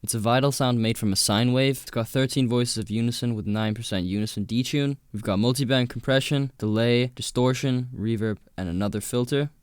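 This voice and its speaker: A man's voice: medium pitch, brisk, few pauses, clean tone. A man hosting a music production tutorial, explaining each step in a matter-of-fact voice-over. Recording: voice-over with loud music playing. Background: loud electronic music.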